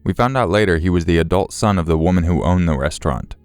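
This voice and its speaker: Male narrator for scripted horror stories, very deep, smooth and dry, measured delivery. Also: no room sound, soft background music. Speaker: story narrator.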